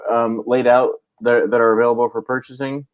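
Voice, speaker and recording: A man's voice: medium pitch, flat delivery, brisk, dry recording. Laid-back male guest on dull lo-fi audio. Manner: laid-back, explaining, many fillers. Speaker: comic creator guest. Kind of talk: casual livestream chat.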